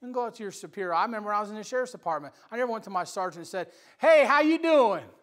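A man preaching a Bible study sermon in church, swinging between quiet asides and loud, emphatic exhortation. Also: high-pitched, racing. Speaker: pastor.

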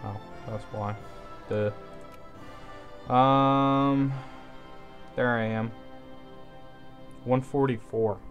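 A man's voice: on the low side, fairly even intonation, takes it slowly, pauses often, dull audio, soft background music. Offhand man commenting on gameplay. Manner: thinking aloud, offhand, swears casually. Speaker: let's play host.

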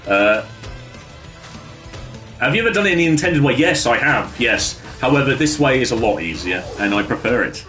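A man's voice: medium pitch, expressive, normal speed, a bit bright, faint music behind. A man chatting casually with his viewers while streaming a game from his bedroom, laughing often and bantering with the chat.

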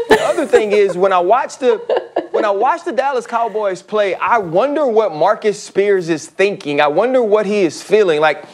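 A man talking as a studio sports analyst, emphatic and joking, with preachy bursts. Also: high-pitched. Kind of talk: animated studio sports talk.

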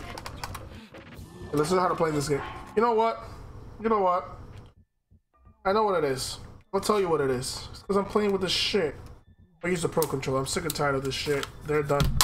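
A man giving loud, excitable gameplay commentary, swearing and trash-talking the enemies as he plays. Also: high voice. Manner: excitable trash talk, swearing, shouting at the game. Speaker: gaming YouTuber.

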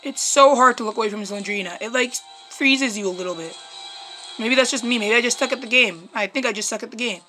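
A young woman with a high, bright voice commentates a horror game, swinging from shrill screams to low, half-mumbled asides. Her voice is worn and strained from screaming, and faint game music plays behind her. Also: a little fast. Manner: jumpy, screams and shrieks at scares, then mutters quietly to herself. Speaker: gaming YouTuber.

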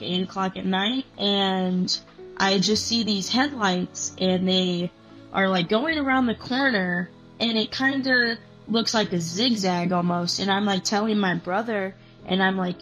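A woman's voice: medium pitch, fairly bright tone, rough recording. A young woman telling a personal story as an interview guest, casual with many fillers, quoting her own thoughts. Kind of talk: personal story told on camera. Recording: faint music bed underneath.

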